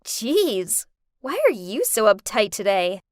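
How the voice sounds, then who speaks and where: A woman's voice: medium pitch, very animated, slow, no room sound, studio quality. A woman voicing a rebellious, catty teenage schoolgirl who talks in a snarky, scheming way.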